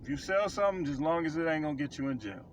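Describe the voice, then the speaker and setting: A man's voice: fairly high pitch, lively intonation, racing, slight background noise. A man speaking as a self-described prophet, preaching life advice in a blunt, emphatic way and repeating phrases for stress. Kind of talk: casual preaching monologue to camera.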